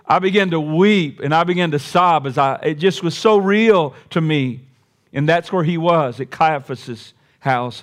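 A man, a pastor, delivering a sermon. He swings from quiet, reflective talk to raised, emphatic repeated lines, with folksy asides. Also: on the high side.

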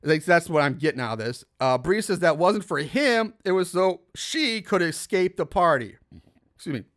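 A young man with a high-pitched voice walks through a film's plot in casual podcast chat. He breaks off into incredulous, laughing asides and swears freely. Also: animated, normal speed, a bit bright. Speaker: podcast host recapping a film. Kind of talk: casual movie recap.

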